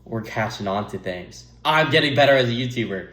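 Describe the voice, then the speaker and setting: A man's voice: mid-range voice, expressive, brisk, a bit bright. Rambling young man in an echoey room. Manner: rambling, self-interrupting, laughs at himself. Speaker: YouTuber giving advice. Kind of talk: rambling casual monologue to camera.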